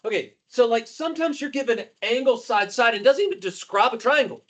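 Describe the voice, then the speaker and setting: A man teaching math to a class, animated and jokey, calling on students by name. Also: extremely high pitch, a little fast, lo-fi sound. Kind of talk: classroom lecture.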